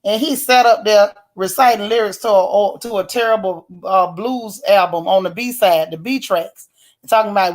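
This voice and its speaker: A woman, recapping a TV episode in a sassy, animated way and chatting with her live viewers. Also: medium pitch, moderate pace. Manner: sassy, animated storytelling with mock quotes. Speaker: YouTube TV show reviewer. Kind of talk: casual live-stream recap talking to chat.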